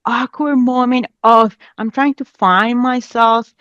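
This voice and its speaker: A woman, not a native English speaker, telling a funny story in a casual podcast chat, animated and laughing often as she acts out what people said. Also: fairly high pitch, slow pace, no room sound, dull audio. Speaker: podcast guest.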